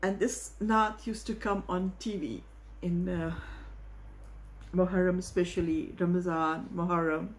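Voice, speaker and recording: A woman hosting a reaction video, talking in an emotional, halting way and searching for words. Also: on the low side, fairly even intonation. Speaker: host reacting to a hymn. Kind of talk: casual reaction vlog.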